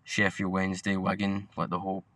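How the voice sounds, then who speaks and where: Sweary Scottish lad with a bright voice. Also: male voice, low-pitched, completely flat delivery, fairly quick, no echo. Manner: sweary, blunt, rambling. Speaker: podcast co-host. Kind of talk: casual football chat.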